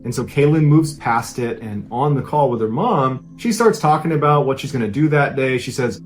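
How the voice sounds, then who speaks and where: A man recounts a true-crime story, casual and conversational but building suspense. His voice sits at a mid pitch with faint music underneath. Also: moderate pace, hardly any pauses. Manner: dramatic, conversational retelling.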